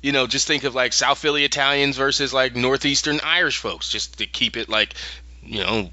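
A man from the US co-hosting a podcast in casual chat, animated, laughing often and restarting sentences as he thinks. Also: medium pitch, moderate pace, no room sound, muffled recording. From Philadelphia, USA. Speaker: podcast co-host.

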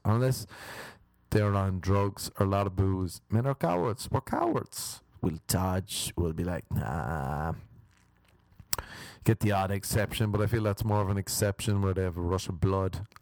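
Young male stand-up comic, rambling and mocking, mellow fry-heavy voice. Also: lowish voice, level tone, a little fast, no room sound. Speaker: stand-up comedian. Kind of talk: stand-up comedy routine.

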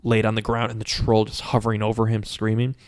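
A man co-hosting a casual chat, retelling a film in a profane, animated way. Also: fairly low pitch, quick pace. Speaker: podcast co-host.

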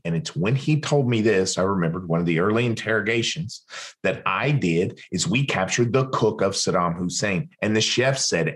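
A podcast guest, a man, tells a long story in an animated way. He acts out other people's lines in different voices and often restarts his sentences. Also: fairly low pitch, normal speed. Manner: rambling, with frequent restarts.

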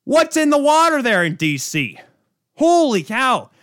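A man's voice: extremely high pitch, very animated, unhurried, a bit bright, no echo, studio quality. A man hosting a sports podcast, ranting in an exasperated, sarcastic way. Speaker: podcast host. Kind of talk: heated sports rant.

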